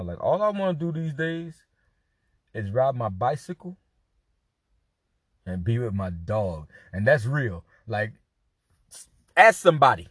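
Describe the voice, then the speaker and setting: A man's voice: medium pitch, sing-song, unhurried, pauses often, breathy edge, dry recording. A man hosting a podcast in a loose, profane, joking monologue. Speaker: podcast host. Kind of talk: casual monologue.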